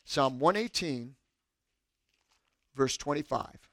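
A man preaching a sermon, reading scripture aloud, asking rhetorical questions, rising loud on quotes and dropping soft. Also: medium pitch, animated, takes it slowly, dry recording, studio quality. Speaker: pastor.

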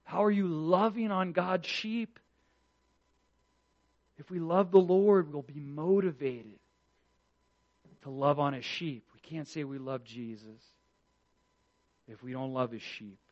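Man preaching, high voice, earnest, swings loud and soft, dull lo-fi recording. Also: slow, long pauses. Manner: earnest, swings between loud emphatic lines and hushed ones; repeats words at phrase starts. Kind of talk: sermon.

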